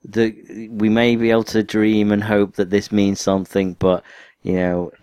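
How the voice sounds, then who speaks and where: A man with a lowish voice chatting on a podcast, recorded close and dry. He answers with short agreements, laughs often, and sometimes tells longer stories at a relaxed pace. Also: moderate pace, smooth, no echo. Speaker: podcast co-host. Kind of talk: casual chat.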